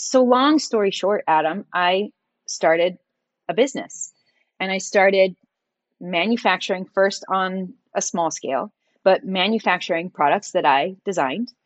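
A woman guest on a podcast, telling a personal story in an animated, conversational way. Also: mid-range voice, measured pace, dry recording.

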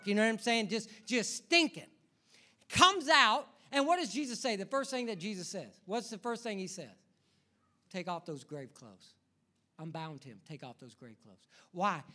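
A man preaching a sermon as pastor, swinging between hushed asides and loud, urgent calls, often repeating words and putting questions to the congregation. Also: high voice.

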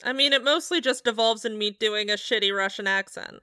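A woman's voice: fairly high pitch, fairly quick, bright, forceful tone, dry recording, clean studio sound. A young woman, a player in a tabletop game podcast, chatting bluntly and jokingly and swearing freely. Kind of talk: casual chat.

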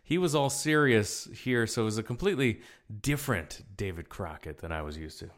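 Lower-voiced guy co-hosting, blunt, recapping stuff casually. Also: animated, a little fast. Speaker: podcast co-host. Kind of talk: casual chat.

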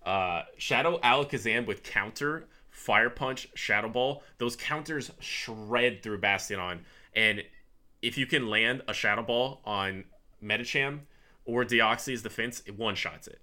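A man's voice: fairly low pitch, a little slow, sharp tone. A man co-hosting a podcast, chatting casually and animatedly, laughing easily as he runs through his picks. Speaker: podcast co-host. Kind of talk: casual chat ranking picks.

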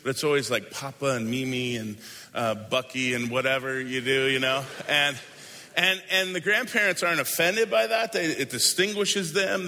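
A man preaching a sermon as a pastor, conversational and emphatic, moving between quick asides and slow, stressed phrases. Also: medium pitch, sharp tone. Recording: long hall reverb.

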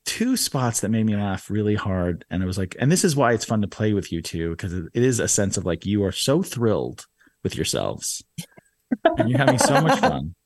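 A man's voice: on the low side, normal speed, dry recording, clean studio sound. A man hosting a podcast, telling stories in a casual, laughing way. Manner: animated, laughing storyteller. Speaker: podcast host. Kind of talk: casual storytelling chat.

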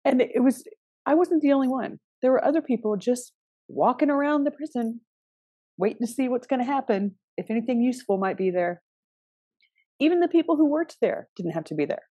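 A woman's voice: high-pitched, lively intonation, fairly quick, mellow, husky, no echo. A middle-aged woman hosting a reflective spiritual podcast, talking in a meandering, hesitant way with frequent restarts. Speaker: podcast host.

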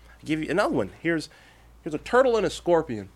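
A man's voice: a little high, wildly swooping pitch, fast talker. A man in his thirties, a veteran guest on a podcast, talking bluntly and emphatically with heavy swearing and restarts. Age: 30s. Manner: blunt, heavily profane, emphatic, repeats himself. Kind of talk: casual interview talk.

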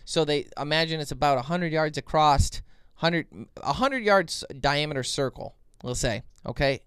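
A man co-hosting a podcast, telling a long story in casual chat, rambling and animated with many restarts. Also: on the high side, normal speed, smooth, dry recording, clean studio sound. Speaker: podcast co-host.

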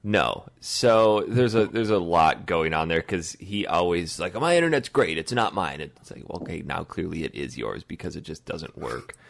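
A man's voice: low voice, normal speed, creaky, hardly any pauses. A man hosting a casual podcast, teasing his guests and laughing often. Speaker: podcast host.

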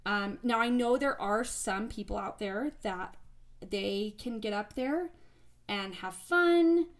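A woman's voice: medium pitch, measured pace. A young woman talking casually at home, blunt and frank, swearing freely and rambling through fillers and restarts. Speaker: former bodybuilding competitor. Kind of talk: casual monologue to camera. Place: at home, relaxing.

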